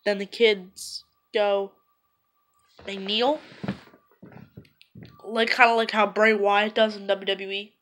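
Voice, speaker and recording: A woman's voice: mid-range voice, level tone, takes it slowly, long pauses, fairly bright tone. A woman vlogger retelling events in a loose, rambling, conversational way. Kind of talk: casual retelling to camera.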